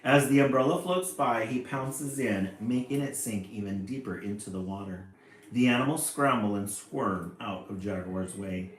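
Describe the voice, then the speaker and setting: A man reading a picture book aloud, with lively, chatty asides about the pictures. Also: fairly low pitch, moderate pace, slight background noise. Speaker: storybook reader. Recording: echoey room, faint music.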